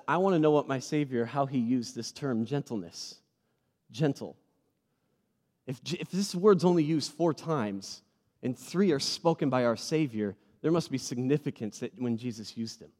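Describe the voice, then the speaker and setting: A man delivers a sermon to his congregation in a lively, conversational way and has them repeat words back to him. His voice sits a little high for a man. The sound carries a long reverb, as in a large hall. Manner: animated preaching with call-and-response to the congregation. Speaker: pastor.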